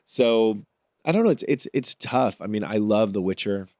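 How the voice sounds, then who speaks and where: A man's voice: lowish voice, lively intonation, normal speed, a little mellow, dry recording, clean studio sound. A man talking as an actor guest in a casual interview, thinking his answers through aloud. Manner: thoughtful, works through ideas aloud.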